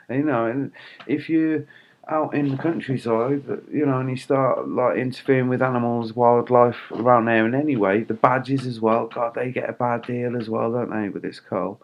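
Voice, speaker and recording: A man's voice: medium pitch, fairly even intonation, normal speed, highs cut off, slight background noise. A man vlogging in a rambling, indignant way, swearing and laughing wryly between fillers. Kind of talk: casual ranting monologue.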